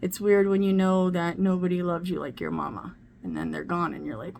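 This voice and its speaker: A woman's voice: on the low side, steady tone, brisk, gravelly, darkish tone, a little hiss or hum. A middle-aged woman vlogging casually at home while doing her makeup, talking candidly and swearing freely. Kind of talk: casual get-ready-with-me chat.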